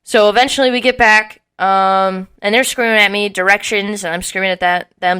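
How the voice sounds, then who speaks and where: A young woman in her twenties tells a rowdy story on a casual podcast. Her voice is bright and clear, and she acts out what people said with a lot of swearing. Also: mid-range voice, moderate pace. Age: early 20s. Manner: animated, swearing often, acting out quotes with laughs. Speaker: podcast co-host.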